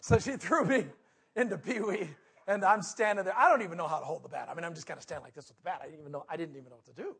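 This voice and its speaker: A man preaching a sermon, telling a personal story with big swings between loud outbursts and hushed moments. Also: fairly high pitch, rapid-fire, vocal fry, slightly rough. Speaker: pastor.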